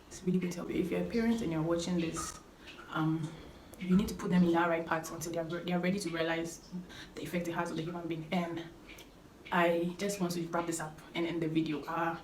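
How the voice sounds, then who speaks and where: Speaking casually to camera, a young vlogger delivers earnest, emphatic life advice and repeats what matters most. Her voice is a little low with a darkish tone. Behind her, the roomy, echoey space carries a faint hum of noise.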